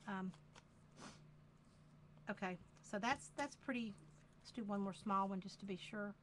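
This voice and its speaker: A woman with a Southern accent demonstrating a craft project live, talking in an unhurried, chatty way and repeating phrases as she works. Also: medium pitch, a bit bright, a little hiss or hum.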